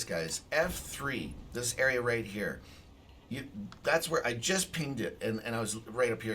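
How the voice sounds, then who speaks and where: A man giving casual commentary over his own gameplay, excitable, swearing and bursting into shouts. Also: medium pitch, recorded from a distance, a little hiss or hum.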